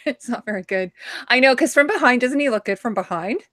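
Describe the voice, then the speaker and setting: A chatty middle-aged woman hosting a live show, with a fairly high voice. She tells stories with plenty of laughter and reads out the viewers' comments. The sound is close and dry. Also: lively intonation, fairly quick, a bit bright, dry recording. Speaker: host. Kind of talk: casual chat on a live stream.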